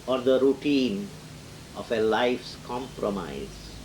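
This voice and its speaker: A man's voice: medium pitch, a little slow, a little hiss or hum, poor audio. A man giving a lecture on poetry who reads verse lines aloud and then explains them, with occasional chuckles.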